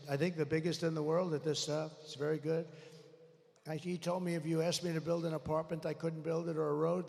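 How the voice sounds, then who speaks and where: A man's voice: a little high, creaky. An older man giving a rambling, boastful rally speech into a podium microphone, often griping angrily about the sound. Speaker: political rally speaker. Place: large rally venue. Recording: echoey arena with faint crowd.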